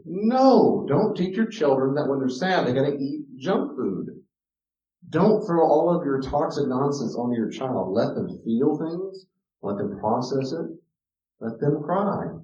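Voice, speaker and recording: A man's voice: fairly high pitch, very animated, moderate pace, dark tone. A man giving a teaching talk on parenting, emphatic and direct, repeating key words to his listeners. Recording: roomy, distant, dull lo-fi sound.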